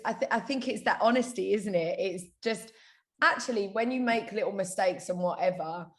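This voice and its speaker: A woman speaks as a podcast guest in a slightly low voice. She sounds upbeat and frank, opening up easily in a casual conversation. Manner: upbeat, candid, open about feelings. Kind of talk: casual chat.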